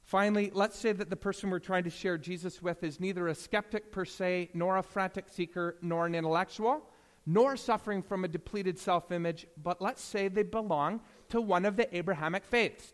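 Man, pastor, sermon, high-pitched, storytelling, hushed to emphatic, long hall reverb. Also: moderate pace.

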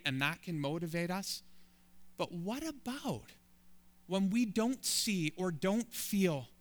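Bright, crisp-voiced male preacher. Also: on the high side. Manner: builds emphatic, rising lists. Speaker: pastor. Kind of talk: sermon.

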